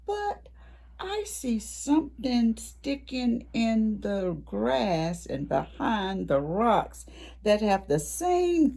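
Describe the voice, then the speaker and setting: Slow animated woman reading to preschoolers. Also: medium pitch, vocal fry, slightly rough. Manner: animated, with gasps and whispered asides to the children. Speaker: library storytime reader. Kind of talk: reading a picture book to preschoolers.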